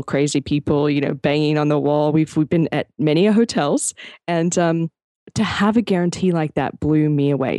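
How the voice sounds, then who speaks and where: A woman with a notably deep, low voice co-hosts a podcast, chatting casually. She tells her story with lively energy, lots of "you know"s and "like"s, and the sound is close and dry. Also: no room sound. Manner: animated storyteller, fillers. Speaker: podcast co-host. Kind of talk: casual chat.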